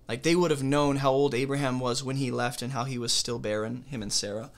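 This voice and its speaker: A man's voice: medium pitch, fairly even intonation, fairly quick, creaky. A man leading a conversational Bible study, reading scripture aloud and then explaining it casually, often checking in with the listener. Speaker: Bible teacher.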